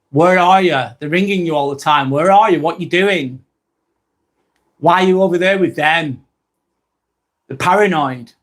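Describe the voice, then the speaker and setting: Northern English male live-streamer, slightly high voice, chatty and blunt, repeats himself. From England. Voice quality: blunt, swears freely. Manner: chatty, repeats points, thanks viewers. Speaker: live vlog host. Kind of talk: casual live-stream talk.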